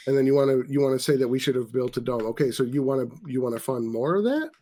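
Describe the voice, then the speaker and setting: A man's voice: mid-range voice, lively intonation, fast, mellow. A man hosting a casual podcast, ranting profanely about sports after a few drinks. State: tipsy. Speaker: podcast host.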